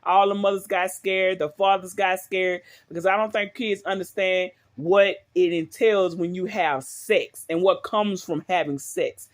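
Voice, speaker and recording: A woman's voice: on the low side, steady tone, a little slow, few pauses. A middle-aged woman talks straight to her viewers in a loose, rambling way. She is recorded on a phone at home and keeps turning to them with questions. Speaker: vlogger. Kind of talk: casual talk to viewers.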